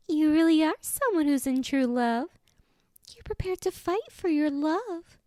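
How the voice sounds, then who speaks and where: A cocky, capricious teenage girl schemer speaks in a shrill, high voice, as a woman reads her. She flips between bubbly teasing and flat deadpan. The sound of this fan audiobook is dry and close, with no room in it. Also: measured pace, no echo. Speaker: audiobook voice actor. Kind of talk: fan audiobook character reading.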